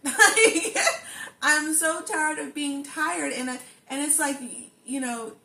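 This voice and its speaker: A young woman with a fairly high voice talks earnestly to her vlog, stacking repeated phrases for emphasis. She sounds roomy and echoey, with a faint hum of ambience behind her. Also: a bit bright. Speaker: lifestyle vlogger. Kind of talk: personal reflective monologue.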